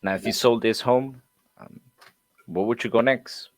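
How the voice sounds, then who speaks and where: A man practicing a sales script as a trainee, rehearsing lines in a measured way with short fillers. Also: medium pitch.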